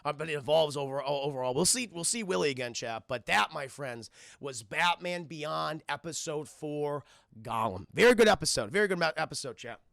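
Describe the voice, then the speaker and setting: A young man casually recapping a cartoon episode for a live stream chat, excitable, laughing often and tripping over his words. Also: fairly high pitch, a little fast, gravelly, no room sound, studio quality.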